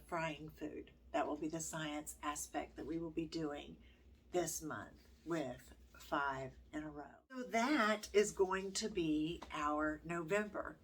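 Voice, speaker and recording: An older woman talks slowly to her vlog viewers, taking her time. Her voice sits low. She sounds gentle and heartfelt, pausing often between phrases. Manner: gentle, heartfelt, halting with many pauses. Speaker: homeschooling grandmother vlogger. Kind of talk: casual vlog talk.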